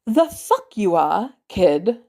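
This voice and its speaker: A gruff, guarded grown man, read by a woman, protective and blunt, who cuts his lines short and swears freely. The voice has a gravelly fry to it and sits at a middling pitch, in a fan audiobook reading. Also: big pitch swings, slow pace, darkish tone, exaggerated voice.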